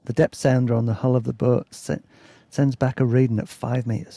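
A man's voice: medium pitch, little pitch movement, a little fast, creaky, few pauses, mellow, dry recording. A man reading his own travel memoir aloud in a laid-back, chatty way, breaking off for asides and self-corrections. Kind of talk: casual story reading.

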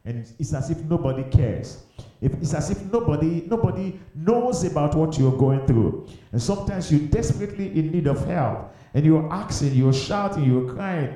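A man's voice: fairly high pitch, mellow. A man preaching a fervent sermon, urging listeners with repeated phrases and leading them in prayer. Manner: fervent, repetitive exhortation, breaks into slow song. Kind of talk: sermon with sung worship and altar call. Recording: very echoey room.

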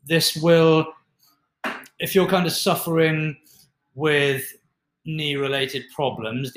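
A man co-hosting a fitness talk, explaining lifting equipment in a relaxed, chatty way with many fillers. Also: mid-range voice. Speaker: fitness podcast co-host. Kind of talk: casual explanatory chat. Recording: roomy echo.

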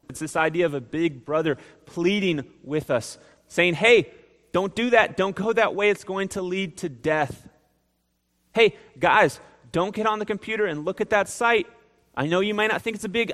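A man's voice: fairly high pitch, gravelly, fairly bright tone. A male pastor preaching a sermon in a conversational, earnest way, with emphatic pleading bursts. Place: church sanctuary. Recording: reverberant church hall.

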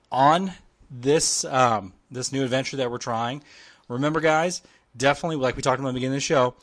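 A man co-hosts a podcast, talking in an easygoing, rambling way with plenty of fillers. His voice sits at a middle pitch. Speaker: podcast co-host. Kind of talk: casual chat.

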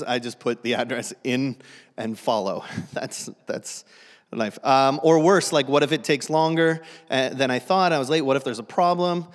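A man's voice: mid-range voice, big-room sound. A man preaching a humorous sermon to a church, self-deprecating and joking, often restarting his sentences. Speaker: guest pastor. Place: church sanctuary.

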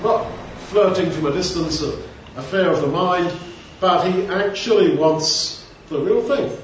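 Male preacher, conversational and rambling, somewhat high voice, recorded from a distance. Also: unhurried, a little hiss or hum. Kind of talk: informal Bible teaching. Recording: echoey room, distant mic, dull sound.

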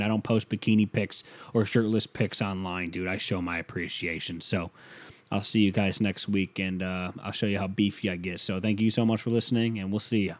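A male podcast host with a fairly low voice delivers a casual comedic monologue. It's a profane, rambling rant that lurches between mumbled asides and loud outbursts.

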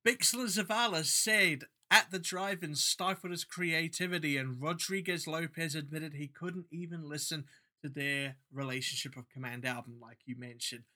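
A male podcast host chats casually about music. His voice is very bright and forceful, sitting a little high. He is blunt and enthusiastic, swearing freely. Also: steady tone, normal speed. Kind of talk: casual chat.

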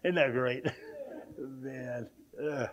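An older man from Australia, his accent softened by years in America, preaching a rambling, anecdotal sermon in a church and chuckling often. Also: mid-range voice, steady tone, very slow, lo-fi sound.

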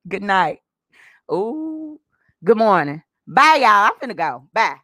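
A woman's voice: medium pitch, very animated, slow pace, pauses often, sharp tone, no echo, studio quality. A woman hosting her own radio podcast, rambling and cursing in casual chat. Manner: rambling, profane, chatty. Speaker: radio show host.

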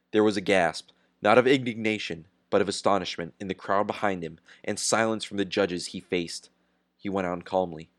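A man narrating a novel in an even, unhurried reading voice. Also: low-pitched. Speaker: audiobook narrator. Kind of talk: scripted narration.

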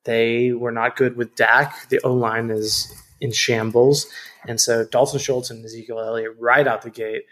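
A man's voice: mid-range voice, level tone, normal speed, a bit bright. A man with a mid-range voice co-hosts a casual sports podcast. He jokes and teases the others as he talks. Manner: joking, teasing. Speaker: podcast co-host.

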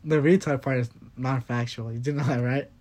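A man's voice: mid-range voice, steady tone, fairly quick, darkish tone. A young man co-hosting a casual podcast, teasing back and defending himself in playful banter. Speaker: podcast co-host. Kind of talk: casual banter between friends.

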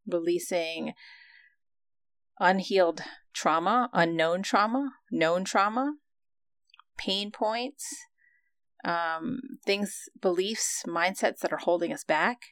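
A woman casually telling a personal story about breathwork, reflective and animated, acting out her own past reactions with frequent fillers. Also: lowish voice, takes it slowly, no echo.

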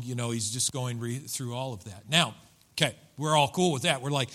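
A man's voice: mid-range voice, moderate pace, pauses often, pushed and bright. A man preaching a sermon, retelling a story and acting out the quoted voices with animation. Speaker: pastor.

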